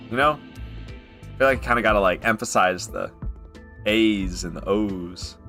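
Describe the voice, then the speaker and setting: A male game streamer with a bright, forceful voice that swings all over in pitch. He rambles, jokes and swears freely as he plays, with faint game music behind him. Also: expressive, normal speed. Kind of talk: casual gaming commentary.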